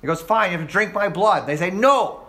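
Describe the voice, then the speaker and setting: A fast-talking man with a high-pitched, sharp voice leads a Bible class, firing rhetorical questions at his students. When quoting exchanges, he performs the different voices.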